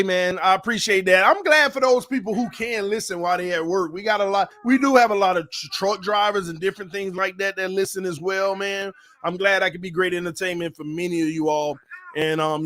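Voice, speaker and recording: A man's voice: sits high, a little fast, fairly bright tone, no room sound, studio quality. A man hosting a casual livestream from home, chatty and upbeat, reading out viewer comments. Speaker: host of a fan channel livestream. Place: at home with his baby.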